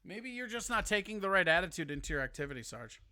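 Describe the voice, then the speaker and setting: High, bright-voiced man teasing on a stream. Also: big pitch swings, fast. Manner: profane, teasing. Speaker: livestream host. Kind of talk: casual chat with a caller.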